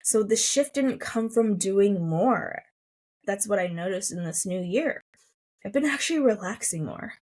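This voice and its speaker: A pregnant woman in her thirties hosting a solo podcast, talking in a soft, emotional, reflective way with many fillers. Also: mid-range voice, expressive, measured pace. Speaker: podcast host.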